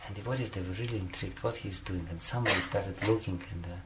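Gravelly low-voiced man giving devotional talk. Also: very fast, very noisy. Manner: chuckles often, peppers speech with "you know". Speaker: spiritual teacher.

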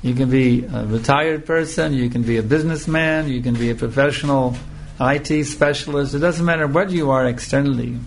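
A man giving a scripture lecture as a spiritual teacher, speaking slowly and emphatically and repeating phrases for emphasis. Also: medium pitch, slight background noise.

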